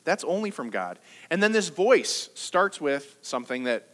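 Animated, high-voiced man preaching. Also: a little slow. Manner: lively, conversational preaching with jokes and rhetorical questions. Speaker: pastor. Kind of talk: sermon. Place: church service.

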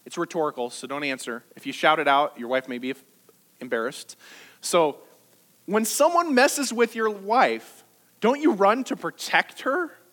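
A man delivers a sermon in a bright, high voice that leaps up and down as he talks. He preaches like he's chatting with the congregation, teasing them with jokes and rhetorical questions. His tone swings with energy from line to line. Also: expressive, measured pace. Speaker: pastor. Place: church service.

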